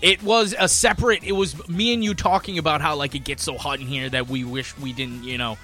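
Bright rambling male podcast co-host. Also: on the high side, steady tone, a little fast, faint music behind. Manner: rambling, explains at length. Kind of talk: casual studio banter. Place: small studio.

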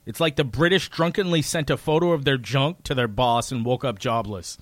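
A man in casual political chat, relaxed, reading news items aloud. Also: medium pitch, fairly quick, dry recording, clean studio sound.

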